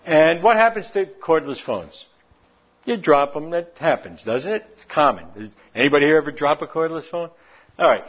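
A man preaching a conversational sermon, animated and jumping up in pitch for emphasis. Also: slightly rough. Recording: dull lo-fi recording.

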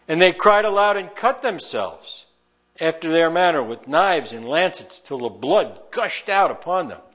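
A man's voice: fairly high pitch, fairly bright tone. A man reading scripture aloud verse by verse and breaking off to comment on it in a folksy way. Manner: reads scripture then breaks in with folksy asides. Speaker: Bible teacher.

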